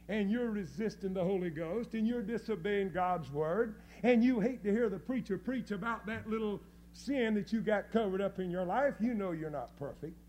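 A man preaching a fiery sermon, folksy and scornful, dropping to low mutters and rising to loud cries. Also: a little hiss or hum. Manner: folksy, scornful, with mocking quoted voices.

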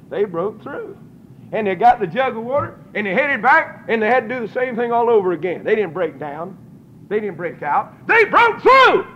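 High-voiced preacher, fiery and folksy. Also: male voice. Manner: folksy, shouting bursts, laughing, acting out voices. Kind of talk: fiery revival sermon. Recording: dull lo-fi sermon recording with faint noise.

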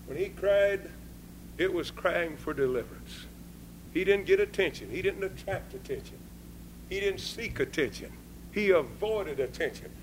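A man preaching a sermon with folksy, informal grammar, swinging between hushed talk and fervent shouting. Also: sits high, lively intonation, normal speed, slight background noise, poor audio.

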